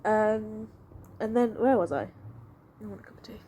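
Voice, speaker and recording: With a mid-range voice at a moderate pace, another young woman vlogger tells a lengthy personal tale in a loose, rambling way. She's animated and leans heavily on fillers and "I was like," over a slight hiss or hum.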